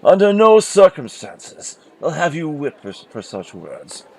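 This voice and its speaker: A man's voice: fairly high pitch, very animated, measured pace, gravelly, a little mellow, full character voice, poor audio. A man voicing an arrogant, bored baron of old noble blood who speaks in a haughty, offhand way.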